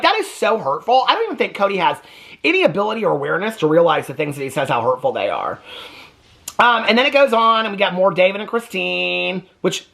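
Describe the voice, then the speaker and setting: Guy doing a gossipy tv recap rant, super lively up and down voice, gets fed up and mimics everyone. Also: fairly high pitch, breathy edge. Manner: exasperated, gossipy, mimics people he talks about. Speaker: TV recap commentator. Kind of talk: casual reality-TV recap rant.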